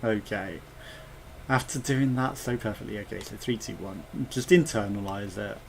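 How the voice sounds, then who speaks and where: A man's voice: fairly low pitch, moderate pace, creaky, darkish tone, slight background noise. A man giving casual gameplay commentary as a let's play gamer, chatty and thinking aloud with muttered asides.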